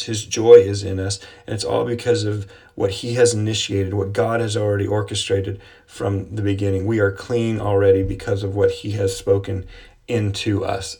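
A man teaching a devotional Bible lesson, earnest and repetitive, slowing down to quote scripture. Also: lowish voice, a little mellow, husky.

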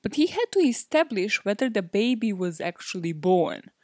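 A woman's voice: medium pitch, big pitch swings, moderate pace, a little mellow, no echo, clean studio sound. A woman hosting a podcast, telling a true-crime story in a chatty, casual way and slipping into quoted dialogue. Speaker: podcast host.

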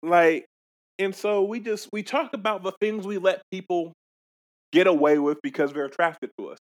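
A young man co-hosts a casual talk show, animated and quick to swear. His voice sits a little high for a man. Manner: animated, profane, laughs often. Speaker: podcast co-host. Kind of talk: casual chat.

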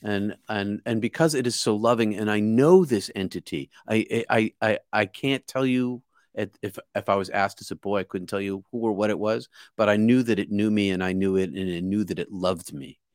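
A man's voice: fairly low pitch, normal speed, no echo, studio quality. Man from near Boston telling a story. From outside Boston, US. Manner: earnest and vivid, with many repeated words and restarts. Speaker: guest. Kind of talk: casual spoken storytelling.

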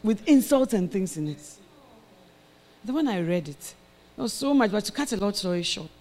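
A woman preaching with a storyteller's flair, moving from quiet recounting to loud, shouted calls to the congregation. She plays out the voices of the people in her story as she goes. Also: medium pitch. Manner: storytelling, acting out quoted voices, rising to shouted exhortation. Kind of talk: sermon with personal story.

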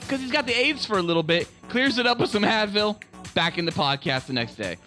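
A man with a fairly high, bright voice co-hosting a comedy podcast. He delivers outrageous teasing with a straight, mock-serious face. Faint music plays behind. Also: expressive, brisk. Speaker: podcast co-host. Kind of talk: crude comedic podcast banter.

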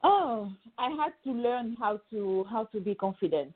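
A woman's voice: on the high side, lively intonation, a little slow. A woman from Senegal whose first language is French, a guest in a podcast interview. She answers with many ums and repeated words. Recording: tinny phone-like line.

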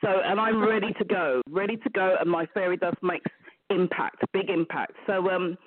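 A woman's voice: fairly low pitch, fairly even intonation, moderate pace, no echo. A woman from London with a London accent, a business mentor guest chatting in a playful, upbeat way. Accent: London English. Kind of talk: casual chat. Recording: tinny phone line.

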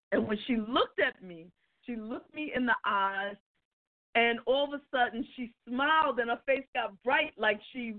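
Woman co-host spilling a story, laughs a lot, kinda high voice, sounds like it's over the phone. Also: narrow, tinny audio. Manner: animated, self-mocking storyteller who laughs often. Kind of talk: casual storytelling chat.

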